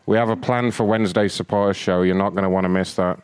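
A man's voice: deep voice, fairly even intonation, quick pace, clear, resonant tone, no echo. A man hosting a live comedy show, bantering with his co-hosts in an exasperated, joking way. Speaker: host.

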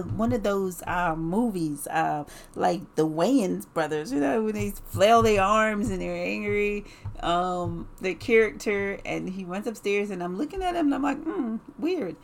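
A woman's voice: mid-range voice, animated, measured pace. A woman telling a personal story in a casual, rambling way, with many fillers, restarts and repeated words.

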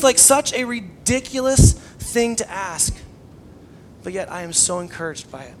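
A young man preaching a sermon conversationally, swinging between loud emphasis and hushed, intimate tones. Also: high voice, moderate pace, slight background noise. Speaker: pastor.

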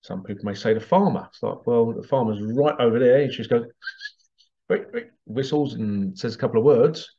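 A man talks in a loose, rambling monologue and chuckles as he goes. His voice sits in an ordinary middle pitch. The recording sounds a little dull and lo-fi. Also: moderate pace, mellow. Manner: rambling, chuckling, acts out bits in funny voices. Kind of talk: casual monologue. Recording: slightly dull lo-fi audio.

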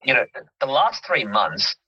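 Male coach guest, very bright husky tone, earnest and emphatic, dull lo-fi recording. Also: mid-range voice, big pitch swings, measured pace. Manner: earnest, emphatic, checks in with listener. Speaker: mindset coach. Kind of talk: interview guest explaining with examples. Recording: dull lo-fi audio.

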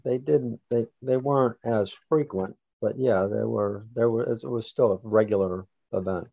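A man being interviewed, recounting a personal story about his son in a halting way with restarts. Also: lowish voice, creaky, dark tone, dry recording, dull audio. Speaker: interview guest, father.

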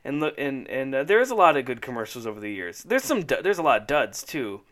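A man co-hosting a casual podcast chat, rambling excitedly and laughing often as he talks. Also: medium pitch, quick pace. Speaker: podcast co-host. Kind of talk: casual chat about old commercials.

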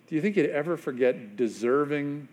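Man preaching a hushed, storytelling sermon. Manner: storytelling with long hushed pauses, dropping low and quiet for emphasis. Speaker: pastor.

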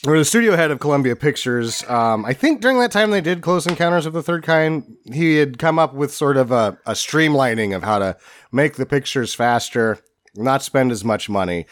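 A man with a mid-range voice, speaking at normal speed, co-hosts a comedy movie podcast. In casual chat he tells animated stories that wander off on tangents.

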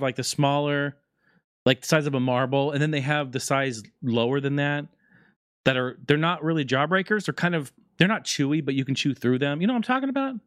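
A man hosting a casual talk show, rambling through news and stories in a profane, joking, animated way. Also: medium pitch, no echo, studio quality. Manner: profane, jokey, animated storytelling. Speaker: podcast host.

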